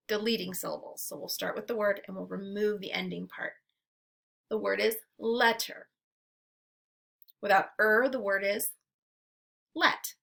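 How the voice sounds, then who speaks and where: A woman teacher leads a phonics drill at a very slow, deliberate pace and sounds out each word with care. Her voice is bright, with a gravelly edge at the ends of her phrases. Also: mid-range voice. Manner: slow, clearly enunciated, repeating words. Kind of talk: phonemic awareness drill.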